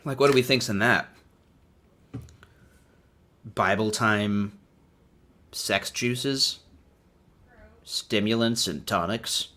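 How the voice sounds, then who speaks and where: A man's voice: fairly low pitch, very slow, pauses often, pushed and bright. A man hosting a casual, irreverent comedic commentary, laughing often as he talks. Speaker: host.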